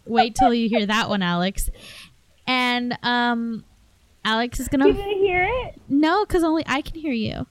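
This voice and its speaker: A woman's voice: on the high side, unhurried, dry recording, rough recording. A woman chatting casually and playfully after a story. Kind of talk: casual chat.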